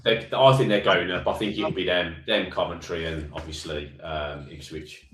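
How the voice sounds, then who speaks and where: A man's voice: deep voice, fairly even intonation, normal speed, fairly bright tone, slight background noise. A man hosting a football phone-in, chatty and teasing the callers. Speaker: phone-in host. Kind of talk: casual football phone-in banter. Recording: roomy echoey room.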